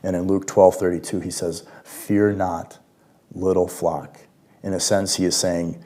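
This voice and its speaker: Man, low and warm, worship leader giving a gentle devotional talk. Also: level tone, unhurried, breathy edge. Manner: gentle, reflective, with hushed quiet passages.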